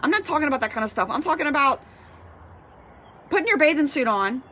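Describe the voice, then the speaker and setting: A woman's voice: high-pitched, sing-song, fast, bright, forceful tone. A woman fitness coach giving a passionate motivational talk, fired up and repeating her points for emphasis.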